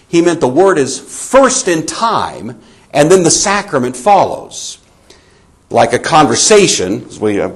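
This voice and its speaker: A man teaching a Bible lesson in a conversational, emphatic way. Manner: conversational, emphatic, animated pitch. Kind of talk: sermon-style Bible lecture.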